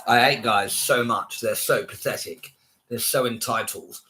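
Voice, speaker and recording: A man's voice: mid-range voice, a little slow, pushed and bright. A man ranting casually to camera, scornful and heavily profane, repeating himself.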